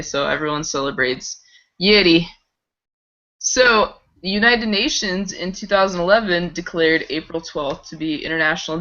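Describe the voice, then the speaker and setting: A woman's voice: on the low side, sharp tone. A woman co-hosting a casual live-streamed chat, giggling as she shares fun facts. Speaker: podcast co-host. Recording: dull lo-fi stream audio.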